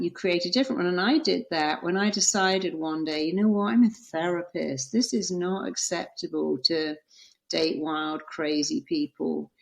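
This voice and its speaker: British woman, therapist on a podcast, low-ish voice, earnest and emphatic. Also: poor audio. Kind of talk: conversational advice.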